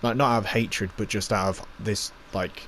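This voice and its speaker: A man's voice: on the low side, fairly even intonation, normal speed, a bit bright, a little hiss or hum. A man giving a casual, rambling spoken review, recapping scenes with lots of fillers and little acted-out quotes.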